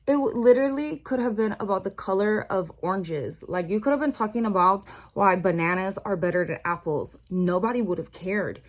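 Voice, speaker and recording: Exasperated woman telling a story time. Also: medium pitch. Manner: exasperated, animated, slangy. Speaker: vlogger. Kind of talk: storytime vlog.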